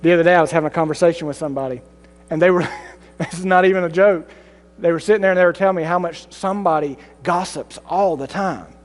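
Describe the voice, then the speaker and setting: A high-voiced man preaches in a church sanctuary, his words trailing off into a long hall reverb. He dramatizes the congregation with mocking, raised voices, then drops low and solemn for the reply. Between points he jokes about himself. A faint mains hum sits underneath. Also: quick pace, soft background music. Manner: self-deprecating humor with laughs. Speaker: pastor. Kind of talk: sermon.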